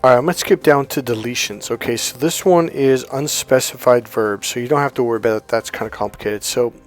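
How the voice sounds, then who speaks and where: A man's voice: mid-range voice, quick pace, faint music behind. A middle-aged man explaining coaching techniques in an informal teaching monologue, acting out quoted dialogue as he goes. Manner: conversational, acts out quoted dialogue. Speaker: life coach and NLP trainer.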